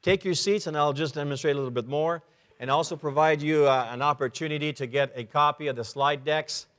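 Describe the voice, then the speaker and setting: A man giving a lively talk at a men's conference, acting out short dialogues and sound effects as he explains. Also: fairly high pitch, brisk. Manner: animated, acts out little dialogues and sound effects. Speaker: conference speaker. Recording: long reverb of a large hall.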